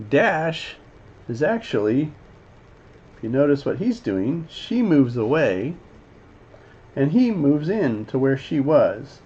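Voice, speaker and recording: A medium-pitched man takes a casual teacher's approach to breaking down an animated scene, rambling with plenty of fillers and occasionally acting out characters' lines. The recording is lo-fi and slightly dull, with faint noise behind him.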